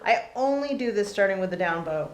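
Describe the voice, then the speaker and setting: A woman teaching a casual fiddle lesson, relaxed and chatty with many pauses and fillers between playing. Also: mid-range voice, faint music behind. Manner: relaxed, lots of ums, talks between demonstrations. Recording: roomy with loud fiddle playing.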